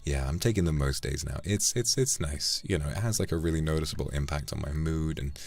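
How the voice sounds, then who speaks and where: Low, gravelly-voiced man chatting. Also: a little fast. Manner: relaxed, intimate, drifts between speaking and soft murmurs. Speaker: livestreamer reading donations. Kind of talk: casual chat.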